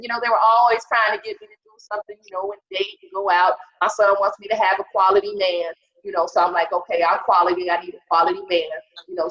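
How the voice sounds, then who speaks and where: Woman comic, raunchy storyteller, slightly muffled video call sound. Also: mid-range voice. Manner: bawdy, profane storytelling with acted-out quotes. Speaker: stand-up comedian. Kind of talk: stand-up comedy set over video call. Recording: roomy, dull video call audio.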